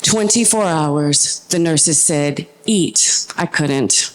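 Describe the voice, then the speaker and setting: This middle-aged storyteller has a lowish voice with lively intonation. She shares a personal tale on stage through a handheld microphone, earnest and vivid, easing into tense pauses.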